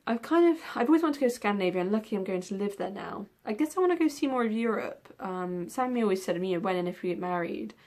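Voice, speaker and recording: A young woman vlogging about books answers tag questions fast and animatedly, her medium-pitched, darkish voice barely pausing. It's casual, rambling chat, full of ums and the occasional yawn.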